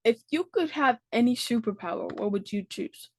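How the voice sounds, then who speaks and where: A woman hosting a casual interview, giggly and prone to excited outbursts. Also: on the high side, normal speed, no room sound. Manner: giggly, bursts into excited exclamations. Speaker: podcast host.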